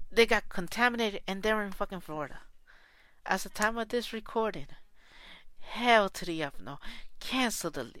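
A woman's voice: mid-range voice, a bit bright, no echo. A woman soccer fan podcaster delivering a heated, profane, repetitive solo rant.

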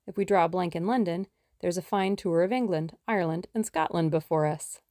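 A woman's voice: fairly low pitch, fairly quick, mellow, no echo, studio quality, close to an everyday voice. A woman voicing a confident, jaunty young man in an audiobook, breezy and teasing. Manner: breezy, self-assured and teasing. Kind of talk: audiobook character reading.

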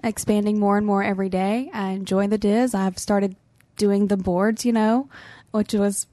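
A chatty woman tells a story among friends in a studio, laughing often and acting out quoted lines. Her voice sits at a middle pitch and sounds close and dry, with no room around it. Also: flat delivery, normal speed, mellow, no room sound. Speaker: podcast team member. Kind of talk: casual storytelling chat.

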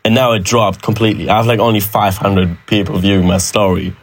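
Casual man with a lowish voice. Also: steady tone, a little fast. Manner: loose, repetitive restarts and swearing. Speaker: podcast co-host. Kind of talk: casual chat.

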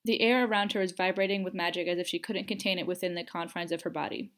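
A woman narrating a fan fiction audiobook with measured, expressive storytelling. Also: lowish voice.

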